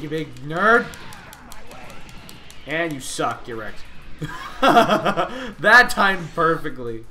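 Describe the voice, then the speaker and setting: A young man hosting a gaming channel, giving excitable live commentary on his gameplay and yelling taunts at the enemies. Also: high-pitched.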